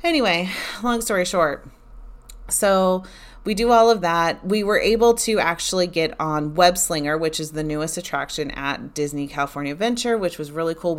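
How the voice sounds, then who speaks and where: A woman vlogger telling a casual story in a chatty, candid way that often turns exasperated. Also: sits low. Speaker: vlogger recounting a theme park trip.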